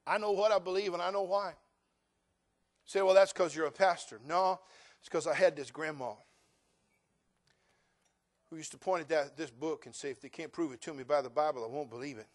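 A middle-aged male pastor preaching a sermon, moving from folksy storytelling to loud, emphatic preaching. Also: a little high, a little fast, pauses often.

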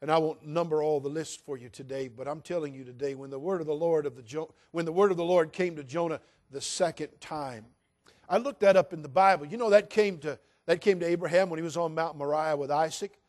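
A man's voice: on the high side, fairly quick. An older man from California preaching a sermon from the pulpit in a folksy, dramatic storytelling manner. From California, USA. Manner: folksy, dramatic, mimics quoted voices in hushed tones.

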